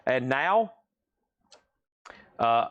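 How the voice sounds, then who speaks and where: A man's voice: medium pitch, big pitch swings, clean tone, dry recording, muffled recording. A man in the middle of his range runs a livestream record sale, rattling off prices and bids. He speaks to buyers by name and drops in easygoing self-mocking remarks between items. His voice is dry and close, with no room sound. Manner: brisk price callouts mixed with chatty self-deprecating asides. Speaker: host selling records on a livestream. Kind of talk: live auction sales patter.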